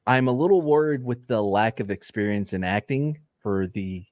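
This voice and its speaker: A man's voice: on the low side, expressive, moderate pace, darkish tone, dry recording. Dry-voiced podcast man. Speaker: podcast panelist. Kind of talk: casual chat.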